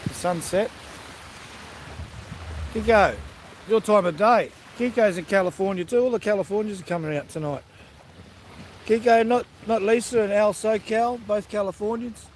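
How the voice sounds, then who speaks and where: A man's voice: high voice, a little fast, a little mellow, slight background noise. A man hosting a casual livestream outdoors by the sea, chatting and greeting viewers by name. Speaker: livestream host. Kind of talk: casual chat with live viewers.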